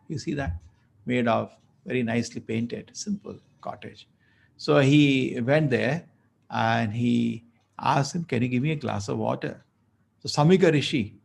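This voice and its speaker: Husky, gravelly man lecturing. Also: medium pitch. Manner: animated, conversational, acts out dialogue. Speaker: temple speaker. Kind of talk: storytelling lecture.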